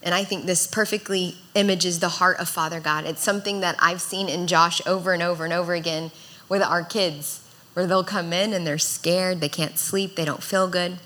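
A woman in her thirties preaches a sermon in a lowish, slightly bright voice at a normal speed, her intonation fairly even. She is earnest and exhorting, rising in intensity as she builds to fervent calls to the congregation.

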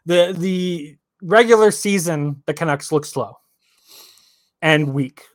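A man's voice: on the high side, takes it slowly, no room sound, clean studio sound. A man co-hosting a sports podcast, talking casually and ranting with lots of repeated words. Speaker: podcast co-host.

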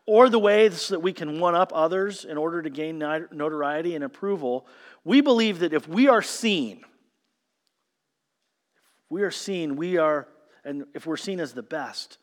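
A man preaching a sermon, telling the story with emphatic swings from loud stresses to hushed lines. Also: on the high side. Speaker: pastor. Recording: long hall reverb.

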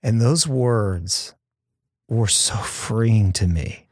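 A man's voice: lowish voice, drawn-out words, darkish tone, no echo, clean studio sound. A man who is a pastor, talking in a podcast conversation with earnest, heartfelt storytelling.

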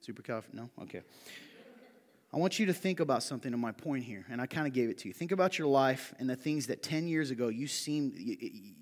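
A man delivers a sermon with lively, storytelling energy, dropping to soft asides and rising to excited peaks. His mid-range voice carries a long reverb tail from a large hall. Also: mid-range voice, fast talker. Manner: animated storytelling, shouting when quoting a friend. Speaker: pastor.

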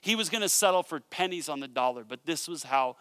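A man preaches, retelling a parable in a lively storytelling way and dropping joking asides along the way. His voice sits high for a man and sounds bright and forceful. The sound is close and dry, with no room echo. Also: fairly quick, smooth. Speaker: pastor. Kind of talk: sermon.

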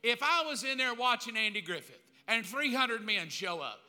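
Animated preacher in a big echoing hall. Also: male voice, very high-pitched, normal speed. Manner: animated storytelling preacher acting out crowd voices. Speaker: pastor. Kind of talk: sermon. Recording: long reverb of a large hall.

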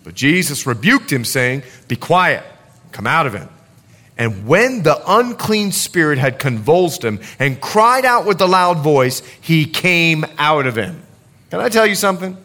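A man preaching a sermon, animated, with jokes and asides to the congregation. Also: on the high side, unhurried. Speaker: pastor.

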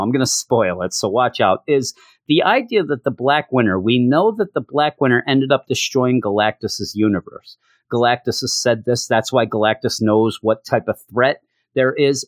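Man, comic reviewer, rambling and enthusiastic, dry close sound, mid pitch. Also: no echo. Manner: rambling, enthusiastic, lots of fillers. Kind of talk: casual video review.

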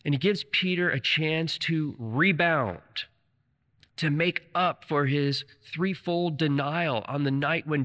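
A male preacher retells scripture with fervent storytelling energy. His voice sits fairly high and pushes with a forceful, edged brightness. The sound hangs in a long, echoey church hall. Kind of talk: sermon.

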